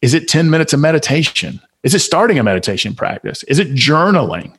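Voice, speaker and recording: A man's voice: fairly high pitch, very animated, fast talker, fairly bright tone, breathy edge. A man with a Southern US accent, a guest on a podcast interview, giving motivational advice in a preachy, emphatic way full of rhetorical questions. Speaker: guest author and speaker.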